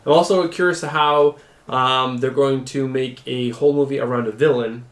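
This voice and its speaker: Male co-host, casual and relaxed, reads news and riffs; average pitch; echoey room sound. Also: moderate pace. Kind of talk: casual chat about comic book news.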